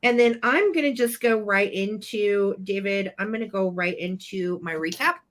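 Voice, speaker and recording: A woman's voice: medium pitch, moderate pace. A woman hosting a live online vintage sale, chatty and upbeat as she describes each item. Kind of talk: live online sales chat.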